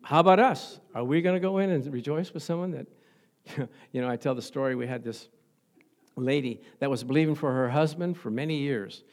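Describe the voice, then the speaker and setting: A male preacher tells Bible stories in an animated way and leads soft, murmured prayer. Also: medium pitch, fairly quick. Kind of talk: sermon and prayer.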